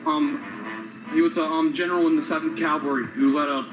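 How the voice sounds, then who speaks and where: A man with a fairly high voice talks indignantly, stumbling through "um"s as he makes his point. The sound is dull and muffled, with clear music playing behind him. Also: fairly even intonation, fairly quick. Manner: indignant, with frequent fillers. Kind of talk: casual political chat.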